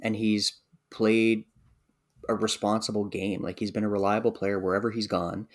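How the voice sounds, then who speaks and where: Guy with a lowish voice on a hockey podcast, earnest, keeps restarting his point. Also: little pitch movement, normal speed. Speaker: podcast co-host. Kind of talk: casual hockey podcast chat.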